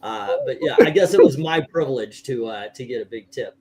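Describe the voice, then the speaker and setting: A middle-aged man hosting a casual livestream chat, rambling with halting restarts and chuckles. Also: medium pitch, wildly swooping pitch, a crowd in the background. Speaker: host.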